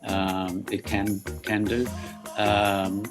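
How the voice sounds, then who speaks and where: Man reading a children's book aloud, slow and playful. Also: fairly low pitch, little pitch movement, over music. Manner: playful, theatrical reading with loud barks. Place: at home, online video link.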